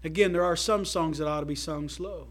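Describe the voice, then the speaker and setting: A man preaching a sermon to his church in a folksy, emphatic way, swinging between loud calls to the congregation and quiet asides. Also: a little high, brisk. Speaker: pastor.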